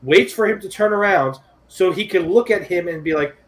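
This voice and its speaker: A man's voice: sits high, moderate pace, poor audio. A man co-hosting a casual podcast, talking in a sardonic, profane storytelling way. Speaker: podcast co-host.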